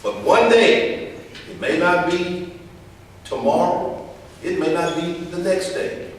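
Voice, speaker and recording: Male speaker, a little high-voiced, emphatic call-and-response delivery, heard from far off in a roomy hall. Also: slow pace. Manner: emphatic, repeats key phrases, leads call-and-response. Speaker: speaker teaching young people. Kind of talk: motivational talk to students. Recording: echoey hall from far off, faint hiss.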